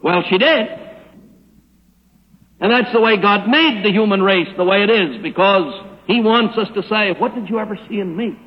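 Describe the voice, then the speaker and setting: An older man preaching a sermon, emphatic and slowing down to stress the scripture he quotes. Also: high voice, breathy edge, muffled recording. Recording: hollow old radio broadcast with hall echo.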